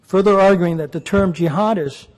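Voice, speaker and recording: A man's voice: high-pitched, normal speed, a little mellow. A man giving a public lecture, telling jokes in a dry, punchy storytelling way. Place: lecture hall.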